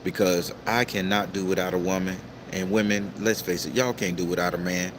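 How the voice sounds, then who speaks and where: A man hosting a casual livestream and reading out viewer comments, talking in a profane, preachy, emphatic way with sudden high-pitched outbursts. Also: flat delivery, brisk, background noise. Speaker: tarot reader and livestream host.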